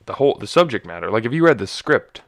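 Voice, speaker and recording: A man's voice: mid-range voice, big pitch swings, quick pace, vocal fry. A young man hosting a casual solo podcast, rambling and joking, often stumbling and correcting himself. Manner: rambling, self-correcting, jokey. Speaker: podcast host.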